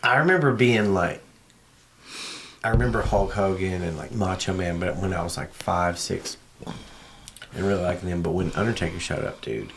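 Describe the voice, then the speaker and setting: A man's voice: deep voice, moderate pace, vocal fry, long pauses, slight background noise. A man hosting a casual podcast, laid-back and swearing often as he talks. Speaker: podcast host. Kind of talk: casual chat.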